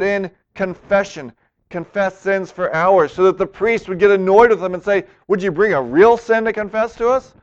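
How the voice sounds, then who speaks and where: Man, pastor, sermon, high voice, earnest, quotes in voices, muffled recording. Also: clear, resonant tone. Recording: dull lo-fi recording.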